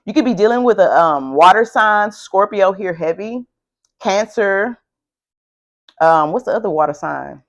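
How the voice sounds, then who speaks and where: Woman tarot reader, casual and fired-up, swears freely; middle-pitched voice. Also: measured pace. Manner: excitable, emphatic and heavily profane. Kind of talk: casual tarot card reading.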